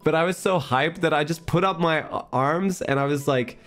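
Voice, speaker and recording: Young male streamer, hoarse voice, rambling casual chat, faint music underneath. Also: fairly high pitch, moderate pace. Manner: rambling, animated storytelling with laughs. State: hoarse, recovering voice.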